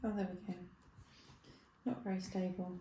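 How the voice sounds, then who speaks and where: A woman's voice: lowish voice, fairly even intonation, normal speed, dark tone. A woman helping with a build at home, chatting in a playful, teasing way. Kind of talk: casual chat. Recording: echoey room with clear background noise.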